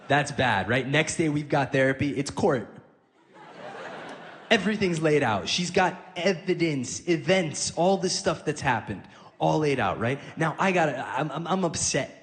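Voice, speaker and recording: A man does stand-up comedy, telling stories conversationally and acting out both sides of the dialogue as a live audience laughs. His voice is fairly high and animated, a little slow, with a long reverb tail.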